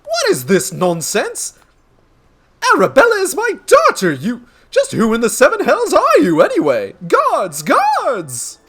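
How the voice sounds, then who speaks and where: A man's voice: very high-pitched, huge pitch swings, measured pace, fairly bright tone, slight background noise, pitched above the performer's own voice, full character voice. A man voicing a blustering, pompous wealthy older father. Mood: outraged.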